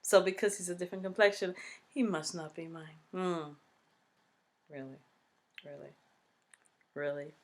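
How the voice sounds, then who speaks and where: A young woman with a Caribbean English accent talks straight to her viewers in a casual storytime vlog. She is chatty and expressive, getting loud on some phrases and then dropping into soft, whispery asides. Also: lowish voice, a little fast. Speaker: vlogger.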